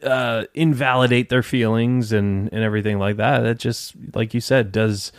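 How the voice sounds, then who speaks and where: A man hosting a casual film chat, relaxed and agreeable, with frequent filler words. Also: medium pitch, moderate pace, clean tone, no echo.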